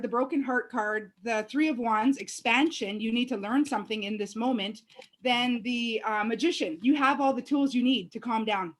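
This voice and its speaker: Excitable, foul-mouthed woman telling a story. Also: on the high side. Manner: profane, excitable, shouts in quoted outbursts. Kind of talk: casual storytelling chat.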